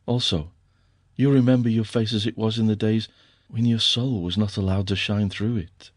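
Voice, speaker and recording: A man's voice: fairly low pitch, steady tone, normal speed, dry recording, studio quality, lightly acted. A male narrator voicing a teasing, affectionate young husband with a wry, fond way of talking.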